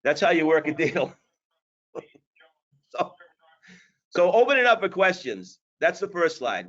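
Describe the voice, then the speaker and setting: A man's voice: a little high, animated, a little slow, pauses often, a bit bright, lo-fi sound. A man coaching sales managers on a webinar, blunt and hard-driving, with jokes along the way. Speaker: sales trainer.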